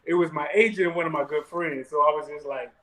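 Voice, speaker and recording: A man on a talk show telling a story in a casual chat. He is relaxed and laid-back and often restarts his sentences. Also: a little high, fast talker, rough recording.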